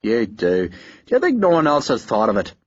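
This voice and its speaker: A man voicing a big, stubborn soldier with an Ulster accent who talks slowly and carefully. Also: on the low side, wildly swooping pitch, highs cut off. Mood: probing. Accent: Northern Irish. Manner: slow, careful, gruff. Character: big tough Irish soldier, stubborn, blunt.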